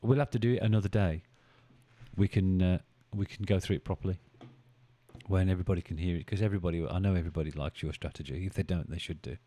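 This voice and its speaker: Low, mellow-voiced man chatting. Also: fast talker. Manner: chatty, thinking aloud, bantering with viewers. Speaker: live-stream trading host. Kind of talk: casual live-stream commentary.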